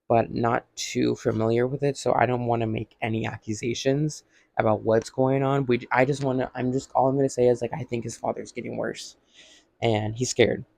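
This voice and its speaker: A man with a gravelly, creaky voice chatting through a TV episode recap for his vlog. He rambles and leans on "like" constantly, slipping into quick impressions of the characters. The sound is dry and close, with no room around it. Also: medium pitch, darkish tone, dry recording. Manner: rambling, heavy use of "like", acts out quotes. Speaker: vlogger.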